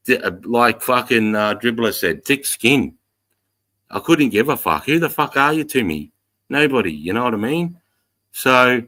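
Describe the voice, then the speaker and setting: Australian man, middle-aged, blunt and foul-mouthed, medium pitch, casual livestream talk. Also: fairly bright tone. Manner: blunt and heavily profane, plain-spoken. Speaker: livestream host. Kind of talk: casual livestream chat to viewers.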